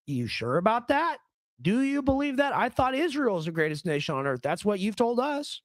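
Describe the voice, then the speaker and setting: A man hosting a casual political commentary stream, joking and rambling, his voice a little hoarse. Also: sits high, big pitch swings, normal speed, no room sound. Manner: joking, rambling, does comic impressions. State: slightly hoarse. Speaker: stream host.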